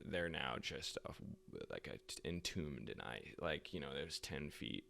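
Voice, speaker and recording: This young adult podcast host tells a history story loosely, with swearing, tangents, and lots of laughter. His very deep voice is creaky, bright, and forceful, animated but unhurried, with slight background noise.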